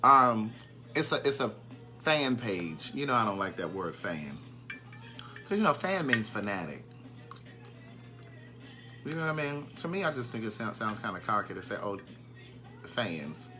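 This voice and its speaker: A man's voice: mid-range voice, sing-song, normal speed, long pauses, music in the background. A man hosting a casual live stream, chatting and greeting viewers by name, and easily sidetracked.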